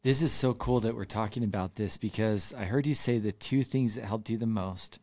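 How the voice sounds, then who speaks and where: A man's voice: fairly low pitch, normal speed, a little mellow. A man hosting a podcast interview, affirming and encouraging his guest. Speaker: podcast host. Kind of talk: interview conversation.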